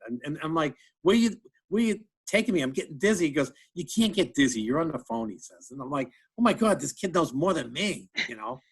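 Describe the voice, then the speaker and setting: A man's voice: fairly high pitch, slightly rough. A middle-aged man, a comedian, chatting casually in an interview, telling funny stories and laughing often, repeating words as he goes. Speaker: comedian guest.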